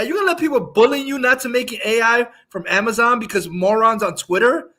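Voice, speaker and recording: A man's voice: extremely high pitch, fairly quick, hardly any pauses, pushed and bright. A man chatting on a livestream, mocking critics, agreeing with his co-host and swearing. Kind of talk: casual livestream chat.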